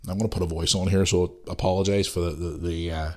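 A man hosts his podcast alone, rambling through a loose, foul-mouthed rant. He is fighting off a cold, and his voice sits on the low side. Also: flat delivery, fast, a little mellow. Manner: ranting, sweary, loose and rambling. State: has a cold. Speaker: podcast host. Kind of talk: casual solo podcast rant.

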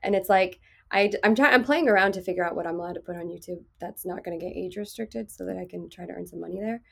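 Soft-voiced woman in her thirties. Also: fairly low pitch, fast talker, vocal fry. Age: 30s. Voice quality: soft, soothing voice. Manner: frank, laughs often, swears freely. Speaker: podcast host. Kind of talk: casual podcast chat.

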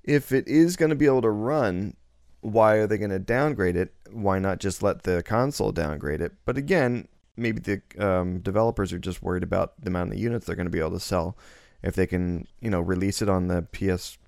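A young man co-hosting a casual podcast, reading news items aloud with fillers and quick self-corrections. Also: low voice, creaky, darkish tone, no room sound, studio quality. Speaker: podcast co-host. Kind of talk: casual chat.

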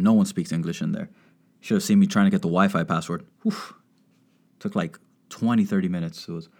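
A man doing a crude, rambling stand-up comedy monologue, riffing and slipping into put-on voices. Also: low-pitched. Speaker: stand-up comic. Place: Miami.

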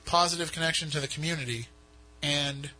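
A man's voice: fairly high pitch, fairly quick, sharp tone, rough recording. A man hosting a casual radio talk show, rambling and poking fun at himself. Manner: rambling, self-mocking. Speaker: podcast host.

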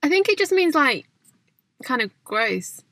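A woman's voice: high voice, very animated, a little slow, a bit bright. A woman chatting casually with a friend. Her speech is loose and full of fillers, and she laughs easily. The recording is dry and close, with no room echo. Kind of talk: casual chat.

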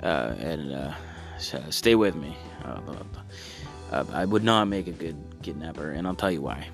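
A man performing a profane stand-up comedy monologue, with halting ums and stammered restarts, breaking into loud acted-out voices. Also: extremely low pitch, lively intonation, soft background music. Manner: profane, acts out loud shouted voices in bits.

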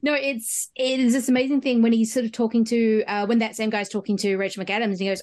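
A woman's voice: a little high, fast, few pauses. Chatty woman podcast host. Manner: chatty, animated, frequent "mm" backchannels. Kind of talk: casual film discussion.

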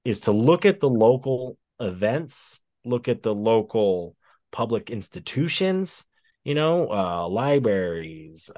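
A man co-hosting a podcast in casual chat, telling stories with big swings in his voice. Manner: animated storyteller with big pitch swings.

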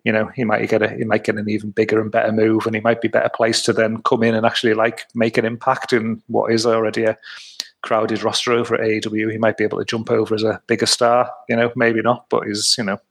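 A man co-hosting a podcast, his low voice husky and gravelly. He rambles through casual chat, restarting his sentences often. The delivery is loose and unpolished. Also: completely flat delivery, fast talker. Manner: rambling, many restarts, laughs while talking. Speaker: podcast co-host.

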